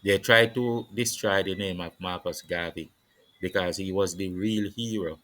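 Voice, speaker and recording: A man holds forth on politics in a preaching, declamatory style, stacking repeated phrases. His voice sits very low yet comes across forceful and bright-edged. The recording is dry and close, with no room sound. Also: steady tone, moderate pace, no room sound, low-quality recording. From Jamaica. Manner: preaching, declamatory, repetitive cadences. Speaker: political commentator. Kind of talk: impassioned political monologue.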